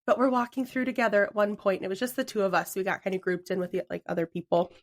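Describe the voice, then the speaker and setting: A woman's voice: medium pitch, steady tone, quick pace. Chatty woman podcast co-host. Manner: chatty storyteller who laughs often. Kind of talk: casual chat.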